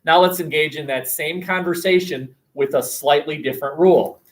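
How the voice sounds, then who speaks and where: A man lecturing a sociology class, animated and acting out quoted voices. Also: a little high, moderate pace, rough recording. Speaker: sociology teacher.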